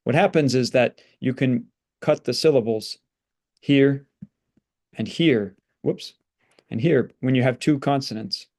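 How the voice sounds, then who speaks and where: A man teaching Latin, patiently working through example sentences and sounding out syllables slowly. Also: medium pitch, darkish tone. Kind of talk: explanatory lesson.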